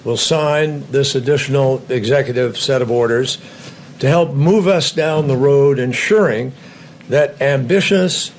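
A man's voice: mid-range voice, a little hiss or hum. A man speaking as a politician at a press briefing, formal and oratorical. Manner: formal, grand, slow oratorical delivery.

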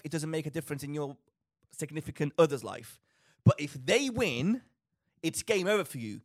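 A man co-hosting a casual podcast, ranting in an exasperated way. His voice sits a little high and swings widely in pitch as he talks quickly. The recording is close and dry. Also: dry recording. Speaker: podcast co-host.

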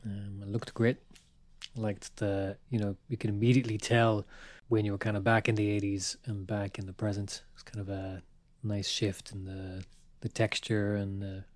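A man's voice: on the low side, level tone, normal speed, no room sound. A man co-hosting a casual podcast chat, hesitant and trailing off, with dry humor. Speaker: podcast co-host.

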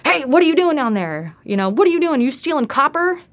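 A woman's voice: high-pitched, very animated, brisk, pitched above the performer's own voice. A woman quoting an angry local male electrician in a raised, accusing voice. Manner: aggressive, accusing.

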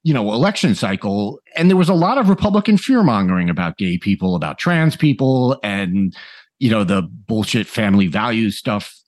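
A man co-hosting a podcast, asking an interview guest quick questions with wry, dry asides. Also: on the low side, lively intonation, a little mellow, dry recording. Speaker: podcast co-host. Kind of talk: casual interview conversation.

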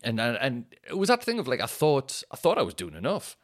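A man's voice: medium pitch, huge pitch swings, fairly quick. A man hosting a podcast, rambling and swearing, often laughing at his own stories. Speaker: podcast host and comedian. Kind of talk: casual solo podcast chat.

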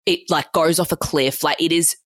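Speaking in a low, fairly bright voice with fairly even intonation, an Australian woman in her twenties rattles off a long anecdote. She swears freely and strings it all together with "like" in a fast, run-on, casual way. The recording is dry.

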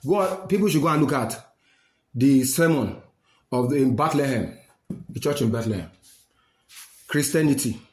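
A man's voice: medium pitch, animated, normal speed, long pauses, echoey room. A man with a Nigerian accent giving a fiery, scolding rant to camera, slipping into Pidgin. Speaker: social commentator.

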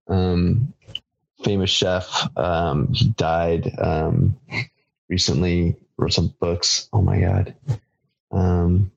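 A man in casual podcast chat, telling stories loosely with halting ums. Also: deep voice, fairly even intonation, creaky, husky, dull audio.

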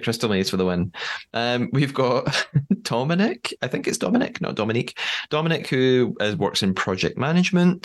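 A man hosting a podcast in casual chat, chatty with frequent fillers and easy laughter. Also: mid-range voice. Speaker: podcast host.

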